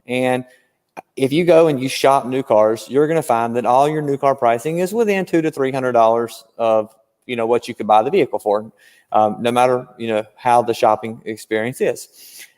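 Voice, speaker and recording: A man chats as a guest on a podcast, walking through dealership tactics and telling stories with concrete examples. His pitch sits mid-range. The recording carries a long reverb tail. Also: moderate pace. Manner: animated storyteller, explains with examples. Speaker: guest car-dealership trainer. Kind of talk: casual podcast chat.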